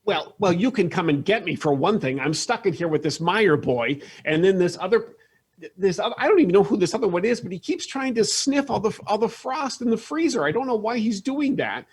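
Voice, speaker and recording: A man's voice: expressive, a little fast, breathy edge. A man voicing a fussy, nagging middle-aged mother calling her son. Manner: nagging, shrill, insistent.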